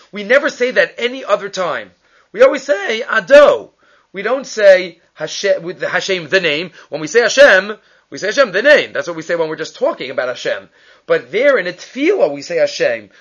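A man with a fairly high voice gives a Talmud class, reading Hebrew and Aramaic passages aloud and explaining each one in English. He keeps asking questions and then answering them himself. The recording sounds muffled and low-fidelity. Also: fairly bright tone. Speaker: Torah teacher.

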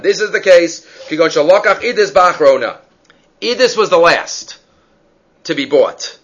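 Man, Talmud teacher, fairly high and bright voice, methodical question-and-answer explaining, dull lo-fi sound. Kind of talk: Talmud study lecture.

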